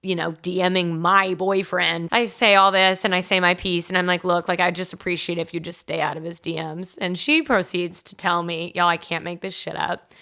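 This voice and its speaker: Bright-voiced young Southern woman chatting. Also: fairly low pitch, level tone, normal speed. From Mississippi, US South. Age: 20s. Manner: chatty, frank, lots of "like" and swearing. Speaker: podcast host. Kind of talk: casual storytelling monologue.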